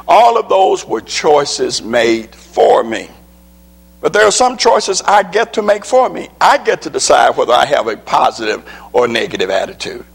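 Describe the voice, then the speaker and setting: A man's voice: fairly high pitch, vocal fry, breathy edge. A man, a preacher and legislator, giving a motivational speech to an audience with slides, in an emphatic preaching cadence that repeats key lines.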